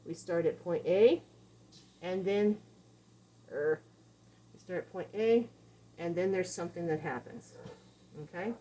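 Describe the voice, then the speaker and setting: A woman's voice: on the low side, a little slow, pauses often, warm tone, a little hiss or hum, poor audio. Casual woman dog trainer explaining. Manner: casual, conversational, explains with examples and acted-out quotes. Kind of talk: instructional talk.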